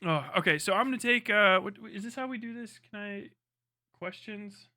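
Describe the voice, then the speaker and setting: A man's voice: sits high, normal speed, bright, forceful tone, dry recording. A man streaming live, chatting casually with his audience in a rambling, profane way. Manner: rambling, profane, laughing asides.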